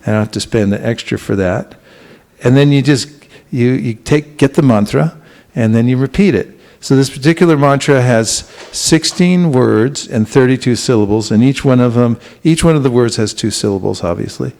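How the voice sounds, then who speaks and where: A man giving a spiritual talk to a congregation in a temple, speaking gently and unhurriedly, with frequent restarts and questions to his listeners. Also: medium pitch, normal speed, creaky. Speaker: spiritual teacher. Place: temple hall.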